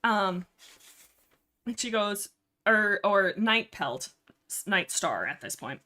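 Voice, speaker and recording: A woman hosts a casual book-chat livestream, rambling freely with a playful, teasing edge. Her voice sits at an ordinary middle pitch and comes through a desk microphone. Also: big pitch swings, slow, pushed and bright. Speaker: livestream host.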